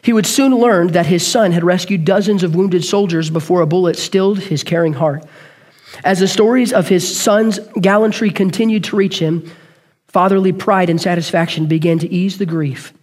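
A man preaching a sermon, telling a story earnestly and quickly, and sometimes correcting himself mid-sentence. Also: high-pitched, a little mellow.

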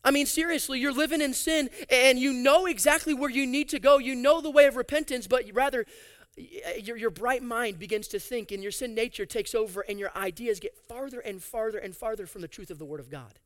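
A man preaching a sermon, reading scripture aloud and adding animated, sarcastic asides. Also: extremely high pitch, fairly quick. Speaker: pastor.

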